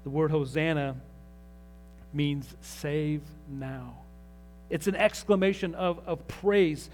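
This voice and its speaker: A man's voice: fairly high pitch, steady tone, takes it slowly. A man preaching as a pastor, earnest and rising in emphasis on key phrases. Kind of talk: sermon.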